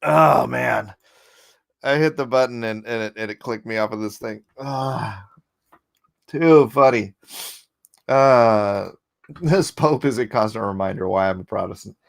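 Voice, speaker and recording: A man hosting a casual livestream, chuckling often and reading chat aloud, a little hoarse after coughing. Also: medium pitch, a little slow, pauses often. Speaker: livestream host.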